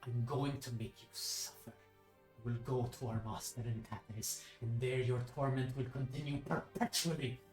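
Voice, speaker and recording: Man doing a cruel vengeful judge, menacing, low and hushed, roomy echo. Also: steady tone, normal speed, faint music behind, lightly acted. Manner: menacing, then shouting orders.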